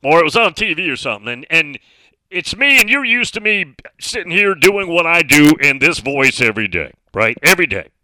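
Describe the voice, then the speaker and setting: A man's voice: fairly high pitch, sing-song, fairly quick, bright, forceful tone, no echo. A middle-aged man hosting a sports talk radio show, speaking emphatically and reading out listener messages.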